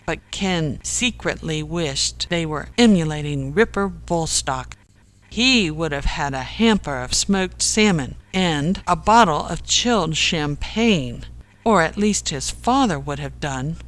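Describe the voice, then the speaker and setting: An audiobook narrator reading a comic story in unhurried, measured scripted narration. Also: medium pitch, lively intonation, a bit bright.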